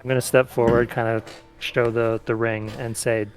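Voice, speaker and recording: Male player, measured and analytical. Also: medium pitch, soft background music. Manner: calm, reasoning, in-character.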